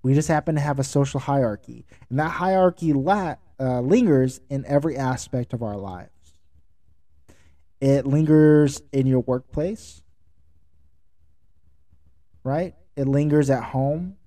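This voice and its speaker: A man's voice: mid-range voice, a little slow, long pauses, mellow. A man hosting his own podcast, talking through leadership and emotional intelligence in an earnest, conversational way, often checking in with the listener. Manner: conversational, earnest, with fillers and rhetorical "right?". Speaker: podcast host. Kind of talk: solo motivational talk on leadership.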